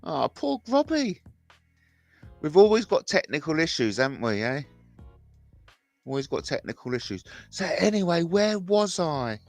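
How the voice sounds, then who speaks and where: A man's voice: on the high side, big pitch swings, unhurried, creaky, long pauses, no room sound, soft background music. A man hosting a rambling livestream, mocking and swearing and repeating himself. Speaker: host. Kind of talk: rambling solo livestream rant.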